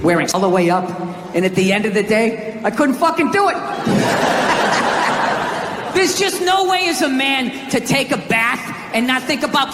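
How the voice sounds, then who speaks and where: Brief: American male stand-up comic, high lively voice, profane sarcastic rants, live hall with a roaring crowd. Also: heavy background noise. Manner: ranting, profane, sarcastic, bursts into shouts. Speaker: stand-up comedian. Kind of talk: stand-up comedy set. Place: live comedy venue stage. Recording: echoey hall with loud crowd laughter. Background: audience laughter.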